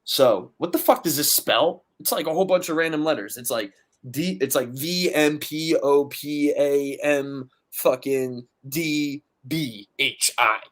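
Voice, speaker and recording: Speaking in a fairly high pitch and without hurry, a Philly podcast guest recounts a tale during laid-back talk. He swears a lot, stays lively, and voices his friends' quotes himself.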